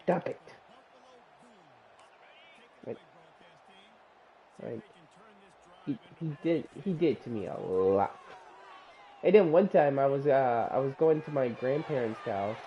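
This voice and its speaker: A man chatting casually and telling a story, his sentences running on and often restarting, with plenty of casual swearing. His pitch sits in the middle range. The sound is dull and lo-fi, like voice chat. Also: animated, measured pace, pauses often, slight background noise.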